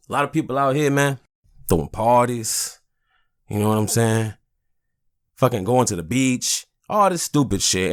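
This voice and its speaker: Man, podcast host, angry rant, profane, casual, medium pitch. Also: fairly bright tone. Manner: angry, profane, keeps saying "you know what I'm saying". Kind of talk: casual ranting monologue.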